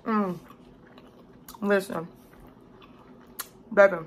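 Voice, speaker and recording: A woman's voice: mid-range voice, fairly even intonation, drawn-out words, slight background noise. A woman doing a casual mukbang as a cooking vlogger, profane and chatty, calling the viewer "baby". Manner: loud, salty and profane, talks to the viewer as "baby". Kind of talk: casual mukbang eating commentary.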